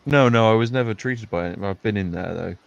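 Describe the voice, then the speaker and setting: A man's voice: on the low side, brisk, gravelly, clean tone, no echo, dull audio. A man chatting casually, easygoing, with hesitant restarts. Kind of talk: casual chat.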